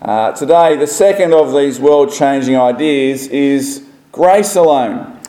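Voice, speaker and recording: A man hosting a church teaching series and interviewing a costumed guest in a measured presenter manner. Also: mid-range voice, lively intonation, warm tone. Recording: roomy echo.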